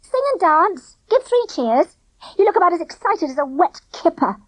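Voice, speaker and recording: Storybook: fierce bossy young girl, high and lively, snapping orders, put on by a woman narrator. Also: a little slow, dry recording, full character voice.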